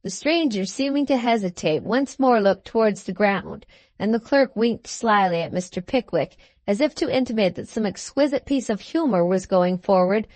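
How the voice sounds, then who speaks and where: Woman reading a classic novel aloud, steady and measured, dry mic. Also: medium pitch, no room sound. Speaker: audiobook narrator. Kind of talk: scripted audiobook narration.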